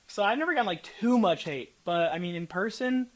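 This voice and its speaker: Fast and chatty, this young American man talks in a quick, relaxed interview voice. He tells stories with bounce, slipping into the voices of people he quotes. He sounds like a casual guest in a conversation. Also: high-pitched. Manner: animated storytelling, acts out quoted people. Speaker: content creator guest.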